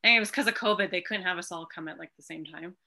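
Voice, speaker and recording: Earnest woman guest, bright lowish voice. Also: quick pace, gravelly. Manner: earnest, heartfelt, says "like" often. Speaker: podcast guest. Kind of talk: casual interview chat.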